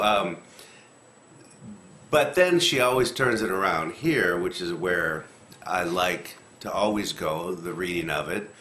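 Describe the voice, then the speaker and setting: A man casually talking through a Bible passage, rambling a little and acting out the quotes with lively rises in pitch. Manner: animated, acts out quotes with rising pitch, rambling. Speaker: lectionary commentator. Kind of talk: casual scripture discussion. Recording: echoey room, faint noise.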